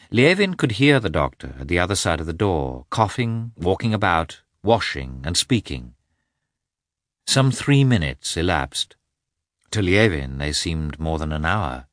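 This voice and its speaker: A man narrating a classic novel as an audiobook in a measured, expressive reading. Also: low voice, no room sound, clean studio sound. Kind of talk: scripted literary narration.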